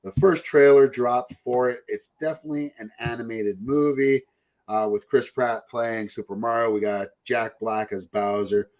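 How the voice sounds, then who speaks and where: Medium-pitched and darkish, his delivery is fairly even and moderately paced. The man hosts a podcast, rambling through casual, profanity-laced talk with mocking put-on voices.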